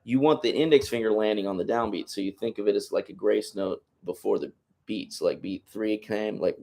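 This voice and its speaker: A man's voice: on the low side, fairly quick, vocal fry. A man teaching a flamenco guitar masterclass, explaining in a loose, rambling way and counting beats aloud while he plays. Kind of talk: masterclass demonstration. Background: loud guitar playing.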